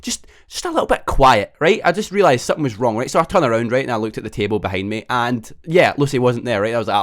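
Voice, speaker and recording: Fast, sweary young man. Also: medium pitch, animated, fairly bright tone. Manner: fast, sweary, constant tag "right?". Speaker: vlogger. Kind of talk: storytime vlog.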